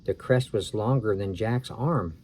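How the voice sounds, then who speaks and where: A man's voice: lowish voice, measured pace, darkish tone, slight background noise. A man reading a chapter book aloud to children, breaking off for chatty asides that explain the story. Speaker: storybook reader.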